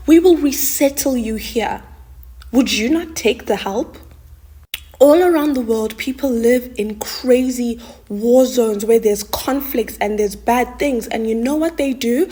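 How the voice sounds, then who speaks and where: A woman with a husky, mellow voice argues her case to her listeners. She challenges them with pointed rhetorical questions. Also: fairly high pitch.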